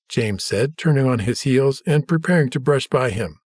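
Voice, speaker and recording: A man reading a story aloud in steady scripted narration, shifting his voice for the characters' lines. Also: medium pitch, moderate pace, hardly any pauses, no echo, clean studio sound. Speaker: audiobook narrator.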